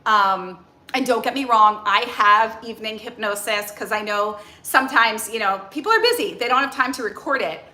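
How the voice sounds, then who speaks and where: A woman in her forties talks casually to camera as a coach. She is chatty and animated, with a bright, fairly high voice. The recording is echoey. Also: normal speed. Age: 40s. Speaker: nutrition and mindset coach. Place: outdoors near a tree.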